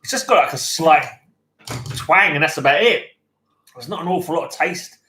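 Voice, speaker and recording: A man's voice: a little high, expressive, moderate pace, bright, forceful tone, echoey room. A man with a Cockney accent from London, co-hosting a casual beer-tasting chat in a laid-back, jokey way. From London, England. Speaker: podcast co-host.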